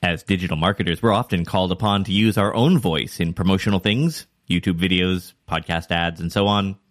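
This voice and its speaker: A man hosting a digital marketing news podcast, reading scripted segments with clear, varied emphasis. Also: low-pitched, fairly even intonation, brisk, faint music behind. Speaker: podcast host.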